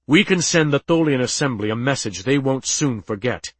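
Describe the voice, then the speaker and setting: A man's voice: medium pitch, expressive, moderate pace, fairly bright tone, no room sound. Pushy, insistent male alien warrior, voiced by a narrator. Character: aggressive male blue alien officer, eager to strike.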